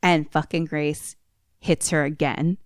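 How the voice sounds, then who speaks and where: Woman podcaster recapping a movie, swears a lot, pretty low voice. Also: slow, no echo, studio quality. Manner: animated storytelling, swears often. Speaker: podcast co-host. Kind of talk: casual chat, retelling a film plot.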